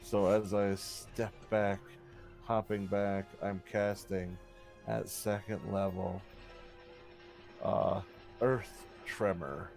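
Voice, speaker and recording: A man playing a tabletop game, describing his character's moves in a relaxed, halting way. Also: on the low side, gravelly, faint music behind. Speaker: player.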